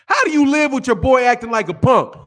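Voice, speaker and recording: A man's voice: very high-pitched, fairly bright tone. A man hosting a boxing channel, ranting in a brash, profane, trash-talking monologue.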